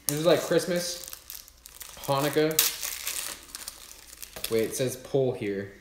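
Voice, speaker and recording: A young man chatting on a livestream while unboxing gifts, hyped and swearing, bursting into loud exclamations. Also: mid-range voice, lively intonation, takes it slowly, roomy sound, background noise. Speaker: YouTube creator livestreaming an unboxing. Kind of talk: excited livestream unboxing chat.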